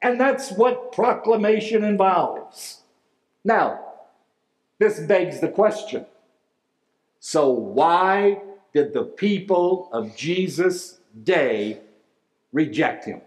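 A man preaching with a high, light voice, slow and deliberate, leaning hard on key words. The sound rings around a roomy hall. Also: sing-song. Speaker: pastor. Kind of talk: sermon. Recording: echoey room.

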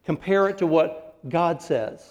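A man preaching a sermon as pastor, animated, acting out quotes and laughing often. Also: fairly high pitch, a little slow. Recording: long hall reverb.

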